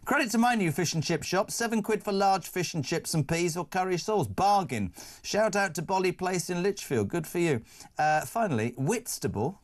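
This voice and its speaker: A middle-aged man hosting a phone-in talk radio show, reading out listener messages in a jokey, playful, blunt way. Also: fairly high pitch. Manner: jokey, playful, puts on silly voices, blunt opinions.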